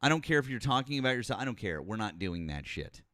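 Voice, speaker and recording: A man's voice: medium pitch, big pitch swings, fast talker, fairly bright tone, no room sound, clean studio sound. A man hosting a live call-in politics stream, arguing with callers in a blunt, sarcastic and profane way, then reading viewer messages. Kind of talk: heated live call-in debate.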